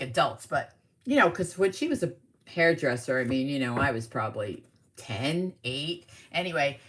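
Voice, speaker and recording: A middle-aged woman from the New York area, a tarot reader telling stories in a casual, animated, rambling way during a live reading. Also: sits low. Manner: animated, rambling storyteller with asides.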